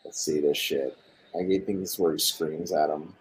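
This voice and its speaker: Deep-voiced profane young man streaming. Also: fairly even intonation, moderate pace, a little hiss or hum, rough recording. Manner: profane, swears constantly; loose and rambling, talks to viewers. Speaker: streamer reacting to football highlights. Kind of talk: casual live-stream commentary.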